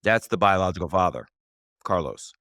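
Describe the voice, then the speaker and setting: Male podcast host, lowish, smooth, expressive, dry sound, short reactions. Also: normal speed, no echo. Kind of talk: interviewer reactions.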